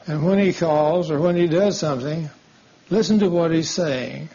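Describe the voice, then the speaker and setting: A man's voice: fairly high pitch, moderate pace, mellow. A man preaching a sermon, telling a folksy story and acting out the dialogue. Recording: dull lo-fi sound.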